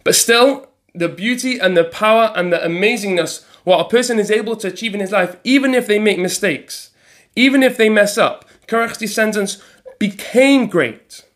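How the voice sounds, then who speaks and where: A man giving an informal Torah talk, retelling a story in halting speech with many repeated words. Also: sits high, a bit bright.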